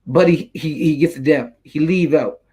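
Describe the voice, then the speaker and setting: A young man tells a story in a casual, rambling way. His voice sits fairly high, and his talk is full of street slang and cursing. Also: normal speed, mellow, husky, rough recording. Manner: streetwise slang, loose and rambling, swears freely. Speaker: YouTuber telling a story.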